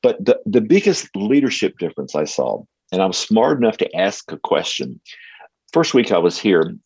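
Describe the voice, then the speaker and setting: A very deep, husky older man, telling stories in an earnest, reflective way as a pastor on a podcast. His pitch swings widely as he talks, and the sound is a bit dull and lo-fi. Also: sing-song, normal speed, darkish tone, dry recording. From United States. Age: 60s. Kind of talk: casual interview talk.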